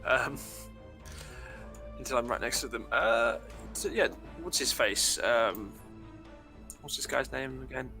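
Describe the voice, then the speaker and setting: Lively male co-streamer, gravelly and bright, chatty and joking. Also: medium pitch, slow, long pauses, soft background music. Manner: chatty, joking, swears casually. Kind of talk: casual gameplay chat.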